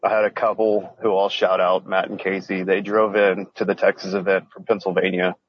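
A man's voice: low-pitched, little pitch movement, brisk, slightly rough, highs cut off. A man who is a guest on a podcast, speaking in an earnest, heartfelt, casual way. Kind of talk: casual interview chat.

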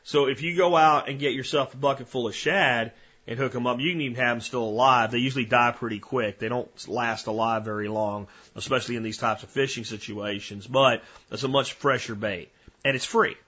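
Man, husky voice, podcast host, folksy rambling talk, slightly muffled lo-fi audio. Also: medium pitch, fairly even intonation, fairly quick, pushed and bright.

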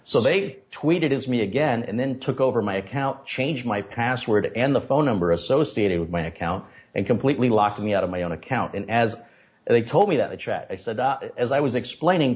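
A man with a low-pitched voice recounts a story as an interview guest. He is animated and indignant. The recording sounds dull and lo-fi. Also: a little fast. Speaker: interview guest, tech streamer. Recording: dull lo-fi audio.

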